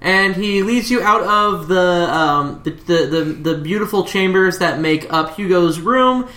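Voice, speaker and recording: A game master narrating a tabletop game, loose and rambling, full of fillers. The voice is bright. The recording has a roomy echo. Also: medium pitch, a little slow.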